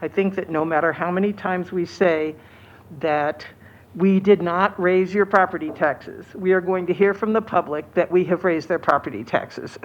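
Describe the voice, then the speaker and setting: A woman's voice: lowish voice, normal speed. A woman school board member asking questions in a conversational way during a public meeting. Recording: dull lo-fi meeting audio.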